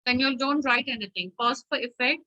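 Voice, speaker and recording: Woman, teacher, online class, firm, instructive, high-pitched, video call audio. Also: fairly quick, sharp tone, muffled recording. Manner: firm, instructive, repeats checks like "okay?".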